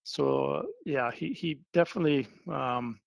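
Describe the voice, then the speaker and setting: A middle-aged man from Wisconsin answering interview questions in a loose, rambling way, full of fillers and restarts. His voice is heavily gravelly with constant vocal fry. The sound is dry and close, with no room around it. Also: mid-range voice, measured pace, dry recording. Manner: relaxed, rambling with many fillers. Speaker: interview guest, sign painter. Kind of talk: casual phone-style interview.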